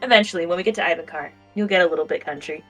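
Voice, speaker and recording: A woman's voice: lowish voice, racing, husky, soft background music. A woman playing in a tabletop game, chatting casually in an upbeat, teasing way. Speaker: player.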